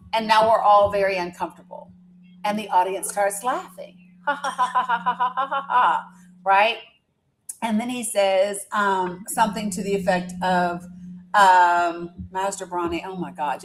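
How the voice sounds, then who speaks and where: A woman's voice: medium pitch, a little hiss or hum, poor audio. A woman chatting casually on a live stream, rambling through a story and teasing her viewers.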